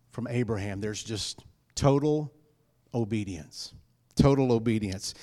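Emphatic male preacher, fairly high voice. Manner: emphatic, repeats key phrases, swings between loud and hushed. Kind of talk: sermon.

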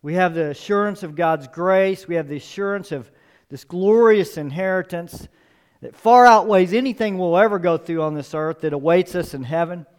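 A man's voice: sits high, normal speed, clear, resonant tone. A male pastor preaching a sermon, emphatic, repeating key phrases and building up for emphasis.

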